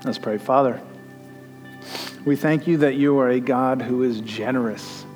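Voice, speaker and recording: A man's voice: mid-range voice, a little slow, a little mellow, faint music behind. A male pastor giving a conversational sermon and leading communion, rising to emphatic peaks.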